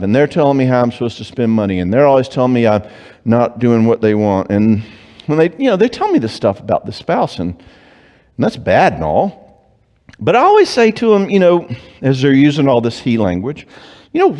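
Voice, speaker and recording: A man, a Christian psychologist giving an animated, joking conference talk on marriage. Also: mid-range voice. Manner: animated, joking, acts out clients and spouses in quick voices. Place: church hall. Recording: long reverb of a church hall.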